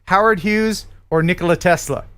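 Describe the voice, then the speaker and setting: An older man hosting a live stream, joking and rambling with many halting restarts. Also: sits high, a bit bright, clear, resonant tone. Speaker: host. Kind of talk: casual live-stream chat.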